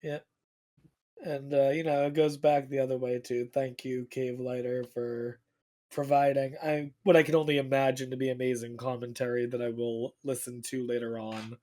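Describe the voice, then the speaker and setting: A man chatting on a stream, excitable and joking. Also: mid-range voice, moderate pace. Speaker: commentator. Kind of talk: casual stream chat.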